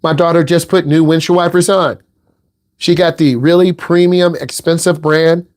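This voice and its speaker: A man's voice: on the high side, steady tone, normal speed. A middle-aged man from the Midwest giving a driving lesson in a blunt, teasing, direct way. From American Midwest. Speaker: driving instructor. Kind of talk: casual instructional talk.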